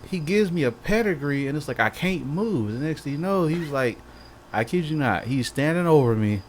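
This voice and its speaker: A man co-hosting a casual podcast, telling a story in lively fashion and acting out every quote with "I'm like". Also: a little high, normal speed. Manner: animated storyteller, acts out quotes with many "I'm like". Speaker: podcast co-host. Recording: faint background noise, live stream audio.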